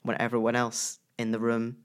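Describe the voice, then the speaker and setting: Man, voice professional in casual chat, lively with loud playful emphasis. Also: medium pitch, normal speed, smooth. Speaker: co-host, voice professional.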